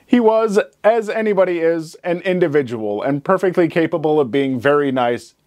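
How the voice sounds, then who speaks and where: A man's voice: on the high side, normal speed. A man reading online stories aloud, adding sarcastic commentary between them. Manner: animated, sarcastic asides. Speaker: story narrator.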